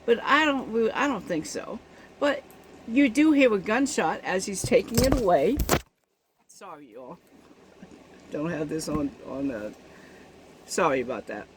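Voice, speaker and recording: A woman's voice: mid-range voice, very animated, a little slow, long pauses, slight background noise, low-quality recording. Indignant woman giving spoken commentary. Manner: indignant, emphatic, checks in with the listener. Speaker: commentator on the news.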